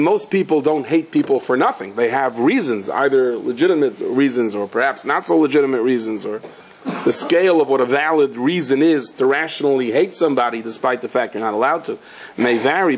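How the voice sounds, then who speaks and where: A man gives a Torah class as a rabbi, in a mid-range voice that sits on a faint hiss of room noise. He talks the way a storyteller does and scatters Hebrew and Yiddish words through his English. He pushes his voice higher when he drives a point home. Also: poor audio. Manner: conversational storyteller, rises in pitch when driving a point home; drops Hebrew and Yiddish terms into English talk. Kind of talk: Torah lecture told through stories.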